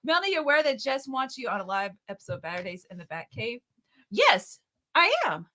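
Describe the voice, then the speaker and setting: A woman co-hosts a laid-back live stream, reading viewer comments aloud. Her voice is high and bright, with a lively pitch that bounces around, and she giggles easily between lines. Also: brisk. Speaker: co-host. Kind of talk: casual live-stream chat.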